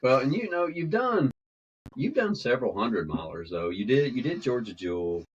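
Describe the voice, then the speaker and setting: A man hosting a podcast, chatting casually and telling stories in an animated way. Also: mid-range voice, normal speed, husky, lo-fi sound. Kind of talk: casual chat.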